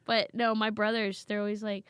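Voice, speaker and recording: In a basement studio, a woman comedian guest swaps stories in a casual chat, performing her family's lines with animation. Her voice is medium-pitched at a moderate pace, and the recording is clean and dry.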